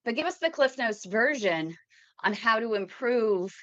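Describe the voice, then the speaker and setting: A woman's voice: a little high, animated, unhurried, a bit bright, no echo, highs cut off. A woman hosting a live podcast, talking in a chatty, rambling way with fillers and restarts. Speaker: podcast host. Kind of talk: casual live podcast talk.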